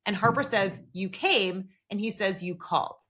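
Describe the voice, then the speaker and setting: Woman, bright voice, casual podcast recap, quotes characters' lines. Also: medium pitch, moderate pace. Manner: retells scenes by quoting characters' lines. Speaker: podcast co-host.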